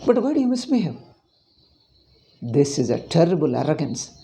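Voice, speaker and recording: A man's voice: on the high side, big pitch swings, moderate pace, vocal fry, dark tone, low-quality recording. A man from Telugu-speaking South India, with an Indian English accent, gives a spiritual teacher's class lecture in an impassioned, scolding way. He fires off rhetorical questions and often repeats or restarts his words. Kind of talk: lecture with moral digressions.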